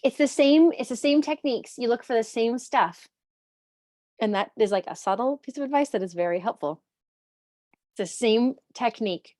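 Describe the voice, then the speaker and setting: A woman mentoring photographers in an online portfolio review, giving lively, emphatic advice over a video call. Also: mid-range voice, no echo, clean studio sound.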